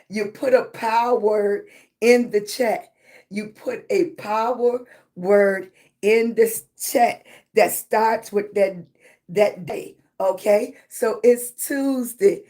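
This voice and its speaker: Hoarse woman hosting a slow live chat. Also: on the high side, dark tone. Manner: affectionate, greets viewers by name, encouraging. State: hoarse, voice not fully back. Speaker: livestream host. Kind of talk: casual livestream chat greeting viewers.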